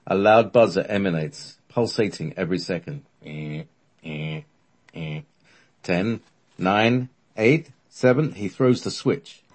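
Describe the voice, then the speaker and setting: A man's voice: fairly low pitch, a little mellow, breathy edge. A man casually telling a story, rambling between thoughts with lots of fillers and restarts. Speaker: podcast storyteller.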